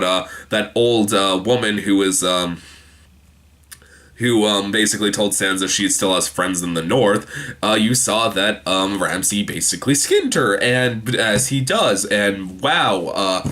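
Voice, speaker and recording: A young man recaps a TV episode in a loose, rambling way, restarting often, leaning on fillers and voicing characters quickly. He is a TV show reviewer whose lowish voice comes across pushed and bright.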